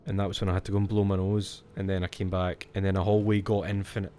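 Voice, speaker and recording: A man's voice: low voice, level tone, quick pace, mellow, a little hiss or hum. A Scottish man chatting casually as he streams a horror game, jumpy and swearing when something startles him. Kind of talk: let's-play commentary.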